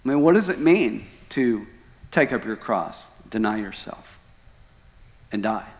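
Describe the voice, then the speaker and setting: A male pastor preaching a sermon, telling stories dramatically with loud outbursts and hushed lines. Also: lowish voice, animated, unhurried. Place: church sanctuary. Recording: long church hall reverb.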